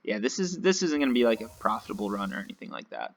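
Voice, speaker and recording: Gravelly-voiced man chatting over gameplay. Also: lowish voice, sing-song, fast talker. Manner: chatty, rambling, self-mocking. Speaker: gaming video host. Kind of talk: casual gameplay commentary.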